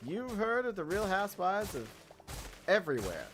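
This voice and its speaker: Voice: mid-range voice, big pitch swings, moderate pace. A gaming YouTuber chatting casually over gameplay, telling a rambling story full of fillers and restarts, with goofy asides and giggles.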